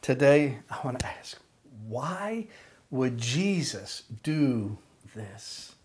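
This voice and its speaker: Slow, deliberate older preacher man. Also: medium pitch, big pitch swings, a little mellow, husky. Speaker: pastor. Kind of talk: sermon with prayer.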